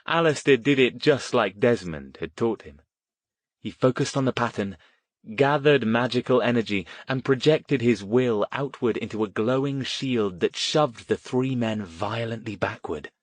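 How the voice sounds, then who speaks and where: A man giving a steady, measured narration of an audiobook. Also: mid-range voice, no echo. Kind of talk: scripted narration.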